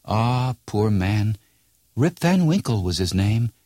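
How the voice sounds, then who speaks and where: A man voicing a young village mother who talks softly and sadly in a lightly raised voice. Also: on the low side, very animated, takes it slowly, no echo, clean studio sound, heavily acted. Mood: wistful.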